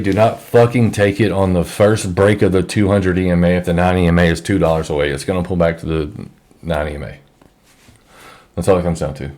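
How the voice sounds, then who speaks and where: A man with a low voice lectures on trading in a blunt, exasperated way, swearing freely. He speaks into a microphone from his office. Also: darkish tone. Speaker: trading educator. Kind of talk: screen-share trading lesson.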